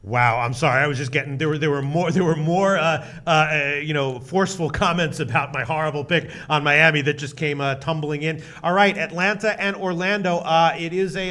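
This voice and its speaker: A man hosting a sports betting show in a loose, rambling way, swearing freely as he reads out viewer comments. His voice sits a little higher than most men's. He trips over his words and breaks into loud exclamations. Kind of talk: casual sports betting chat.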